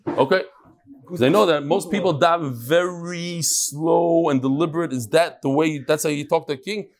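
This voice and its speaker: Male Talmud class host, slightly high voice, animated, thinks aloud and asks the room questions. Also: normal speed, crowd noise. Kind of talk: daily Talmud class before a live audience.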